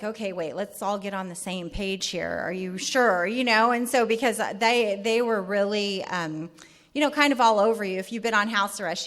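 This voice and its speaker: A middle-aged woman from California telling her recovery story at a meeting in a candid, halting way. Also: mid-range voice, fairly bright tone. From California, USA. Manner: candid, halting, lots of fillers.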